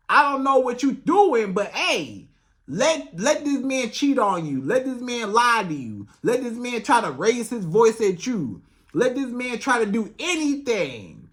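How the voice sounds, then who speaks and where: A woman's voice: on the high side, sing-song, takes it slowly, a bit bright. Emphatic woman giving relationship advice. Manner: emphatic, repetitive, acts out quoted voices. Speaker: relationship coach. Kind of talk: direct-to-camera advice talk.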